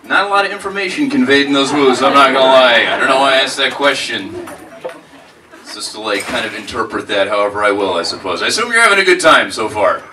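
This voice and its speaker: A man's voice: mid-range voice, expressive, fast. A man doing a stand-up comedy set, rambling and self-deprecating, saying "like" and "man" a lot, recorded live in a comedy club. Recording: live club audio, mic heard from a distance, crowd noise.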